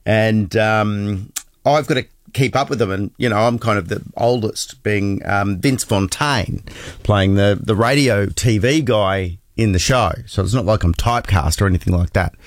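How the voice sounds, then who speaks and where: A man's voice: fairly low pitch, normal speed, no echo, studio quality. A middle-aged man with an Australian accent hosting breakfast radio, chatty and self-deprecating with plenty of ums. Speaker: radio host. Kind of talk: casual breakfast radio chat. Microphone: studio microphone.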